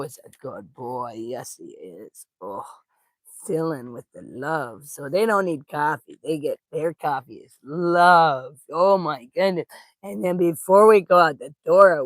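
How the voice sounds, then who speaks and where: A woman's voice: low-pitched, no echo. A woman at home on the couch, chatting casually on camera and cooing affectionately at her dogs in baby talk. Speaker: spiritual teacher and vlogger.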